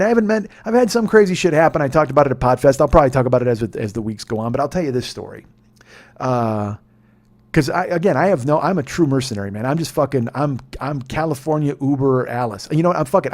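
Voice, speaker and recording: Fast-talking, profane ranting man. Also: fairly high pitch. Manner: swings between muttering and loud exasperation. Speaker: podcast host. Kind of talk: rambling comedic monologue.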